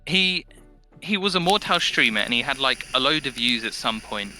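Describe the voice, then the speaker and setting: A man with a very bright, forward voice talks loosely on a gaming podcast, piling on fillers as he goes. Faint music plays underneath. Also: mid-range voice, normal speed. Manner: rambling, filler-heavy, animated impressions of others. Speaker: podcast guest. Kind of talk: casual gaming podcast chat.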